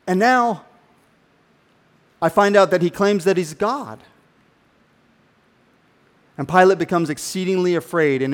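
A male pastor preaching a sermon emphatically, swinging between loud declarations and hushed asides and speaking directly to his listeners. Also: fairly high pitch.

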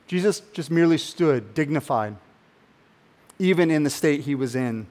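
A male pastor preaching a sermon emphatically, swinging between loud declarations and hushed asides and speaking directly to his listeners. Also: on the high side, unhurried, pauses often.

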